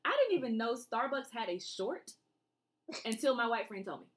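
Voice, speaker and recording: A woman's voice: on the high side, moderate pace. A woman, co-hosting a casual podcast chat and acting out quotes as she tells stories. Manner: animated storyteller, acts out quotes. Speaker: podcast co-host.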